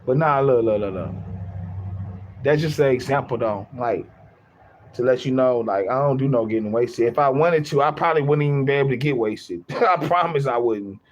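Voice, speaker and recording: A man's voice: mid-range voice, normal speed, dull audio, slight background noise. A young man chatting casually on his livestream, rambling, repeating himself and laughing often.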